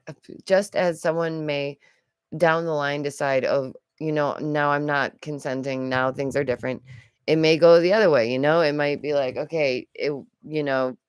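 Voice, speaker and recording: A young adult woman vlogger gives casual reaction commentary, chatty and rambling, with lots of asides and laughs. Her low voice has a clean tone in a dry, studio-quality recording.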